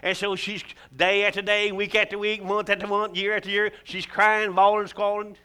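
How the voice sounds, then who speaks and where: Folksy older preacher, high and bright. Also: male voice, flat delivery, normal speed, smooth. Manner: folksy, preacherly, calls out to the congregation. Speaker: pastor. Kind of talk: sermon. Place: church.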